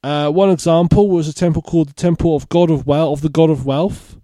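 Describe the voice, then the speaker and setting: A man's voice: fairly high pitch, steady tone, brisk, dark tone, dry recording. Man reading odd news, laughing. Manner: reads out odd news stories with laughing asides. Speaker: podcast host. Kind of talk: casual comedy podcast chat.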